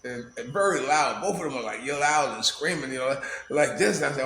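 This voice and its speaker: A man's voice: mid-range voice, lively intonation, a little fast, bright, forceful tone. A man vlogging in a loose, rambling storytelling style, laughing often and filling his talk with "you know.". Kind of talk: casual storytelling monologue. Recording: echoey room, faint background noise.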